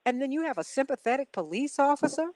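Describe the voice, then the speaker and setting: A woman's voice: high-pitched, sing-song, fast, over a noisy crowd, poor audio. Impassioned woman radio talk host. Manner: impassioned, preacherly cadence.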